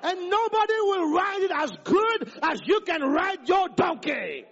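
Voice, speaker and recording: A man's voice: very high voice, very animated, unhurried, a bit bright. A man preaching a sermon, calling out lines for the congregation to repeat back to him. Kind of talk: sermon with call-and-response. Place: large church hall. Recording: dull, echoey church recording.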